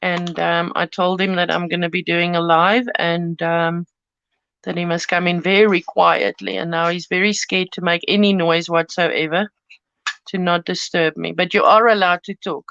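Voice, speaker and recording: This craft channel host has a lowish, fairly bright, clean voice with little pitch movement, speaking at normal speed without echo. Cutting paper on a live-stream from her home studio, she chats, rambles and giggles. The sound is dull lo-fi and dry.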